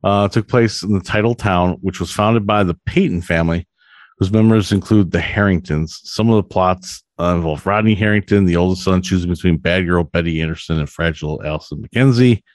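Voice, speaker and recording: A man's voice: deep voice, a little fast, dry recording, studio quality. A man co-hosting a podcast in casual chat, rambling and full of fillers. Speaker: podcast co-host.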